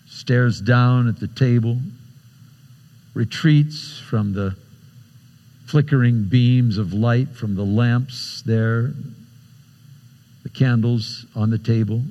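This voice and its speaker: A man preaching a sermon, retelling a scripture story dramatically with big swings in pitch and loudness. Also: slow, long pauses, in a large hall.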